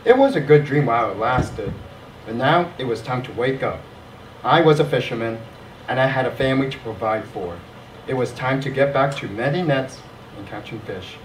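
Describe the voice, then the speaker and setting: A disheartened fisherman voiced by a man speaks in a plain, mid-pitched voice, rueful and scared. He is heard from across a roomy, echoing church with a little hiss behind. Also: animated, normal speed, close to an everyday voice. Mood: downcast. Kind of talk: dramatic church cantata monologue. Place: church sanctuary. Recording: echoey church from far off.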